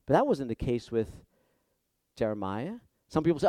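Impassioned high-voiced male preacher. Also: very animated, brisk, dry recording. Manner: impassioned, swinging from hushed to loud and emphatic; repeats words when stirred. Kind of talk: sermon.

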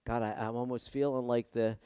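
A male pastor preaching a sermon with impassioned delivery, moving between hushed passages and loud emphatic ones. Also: mid-range voice, flat delivery, fairly quick, clear, resonant tone, no room sound, clean studio sound.

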